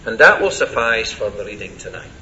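A man preaching an expository sermon verse by verse, deliberate and stressing key words. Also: on the low side, big pitch swings, pushed and bright, lo-fi sound, slight background noise.

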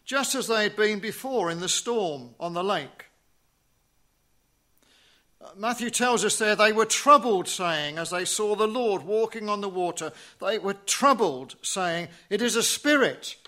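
A man preaching a sermon in a measured way, asking rhetorical questions and dropping to a hush on key phrases. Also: high-pitched, expressive.

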